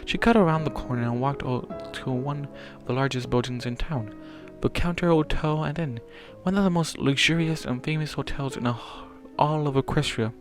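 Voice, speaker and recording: A man's voice: medium pitch, moderate pace. Man reading a story aloud, self-correcting. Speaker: fanfiction reader. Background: faint music.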